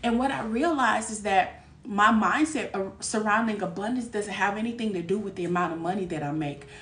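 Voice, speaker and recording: A woman giving a live tarot reading. She talks in a candid, lively way, laughs often and uses streetwise slang. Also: mid-range voice, fairly quick, far from the mic. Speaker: tarot reader. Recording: echoey room, voice a bit off-mic.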